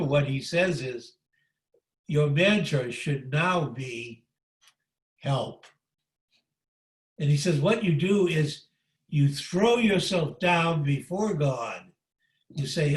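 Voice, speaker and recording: An older man giving an unscripted spiritual talk as a monk, halting with many fillers and restarts, over a video call. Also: a little high. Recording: echoey room, distant from the mic.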